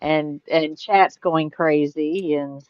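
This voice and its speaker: A woman in casual chat, calmly explaining practical details with easy fillers. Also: low-pitched, slow pace, lo-fi sound, a little hiss or hum.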